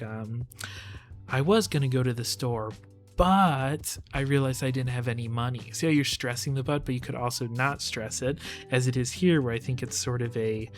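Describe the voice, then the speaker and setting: A man talking through song lyrics in a loose, conversational way, pausing often with fillers as he works out his points. His voice sits at an ordinary middle pitch, with faint music playing softly underneath. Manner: relaxed, hesitant with many fillers, thinking aloud. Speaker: lyric analysis channel host. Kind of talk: casual analytical commentary.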